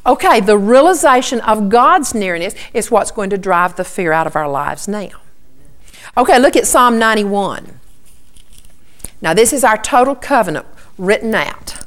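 A woman's voice: mid-range voice, lively intonation, normal speed, fairly bright tone. A woman giving an earnest Bible teaching, repeating key points and often starting with "okay".

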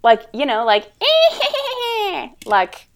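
A woman player in a tabletop game who talks in an animated, rambling way with many fillers. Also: mid-range voice, moderate pace.

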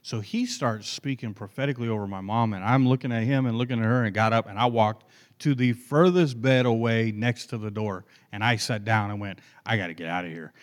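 A man's voice: on the low side, fairly quick. A man preaching, telling a personal story and acting out the voices of the people in it. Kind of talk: sermon storytelling.

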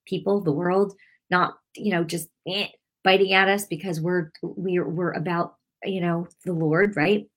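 A woman's voice: lowish voice, fairly even intonation, unhurried. A middle-aged woman gives a heartfelt sermon on her broadcast, weaving in personal testimony. She talks in an emotional, rambling way, restarting her sentences often. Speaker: preacher hosting a weekly broadcast.

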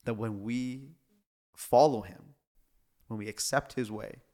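A man's voice: medium pitch, slow pace, mellow. A man, a pastor hosting a church podcast, speaking in an earnest, preacherly way. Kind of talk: reflective podcast conversation.

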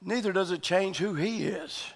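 Male preacher, very high and gravelly, fervent sermon delivery. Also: moderate pace, a crowd in the background. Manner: fervent shouting with sudden quiet stretches.

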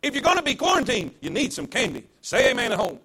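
A man's voice: very high voice, huge pitch swings, fast talker, bright, forceful tone, slightly rough. A man preaching an emphatic, repetitive sermon to people at home. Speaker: pastor.

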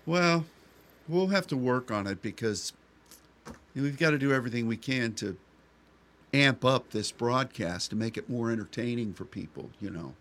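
A man's voice: mid-range voice, expressive, normal speed, a bit bright. A man co-hosting a radio show in a casual, rambling chat, joking often and restarting his sentences. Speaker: radio co-host.

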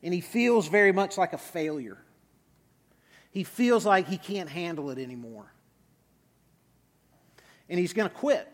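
A male pastor preaches in a relaxed, conversational way, telling a story with the odd filler. He speaks very slowly, his voice a little high for a man. A long echo fills the church hall. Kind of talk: sermon. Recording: reverberant hall.

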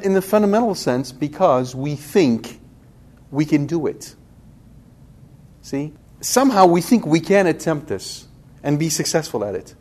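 A priest teaching a Bible study in a conversational way, speaking directly to his listeners and asking them questions. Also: on the high side. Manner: lively, talks directly to the audience with questions.

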